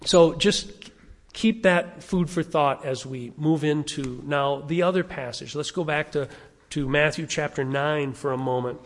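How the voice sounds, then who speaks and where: A man's voice: fairly high pitch, measured pace. An older man, a pastor preaching a sermon in a conversational way, asking the congregation questions. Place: church sanctuary. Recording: long reverb of a church hall.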